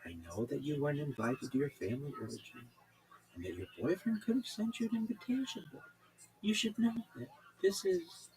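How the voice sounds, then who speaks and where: A man voicing a calm, soothing woman who hosts a late-night radio call-in show, speaking with slow, gentle reassurance. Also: on the high side, voice pushed up, rough recording.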